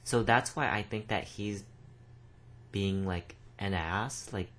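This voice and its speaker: Low-voiced casual male podcaster. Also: takes it slowly, fairly bright tone. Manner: chatty, rambling, swears casually. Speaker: podcast co-host. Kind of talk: casual chat.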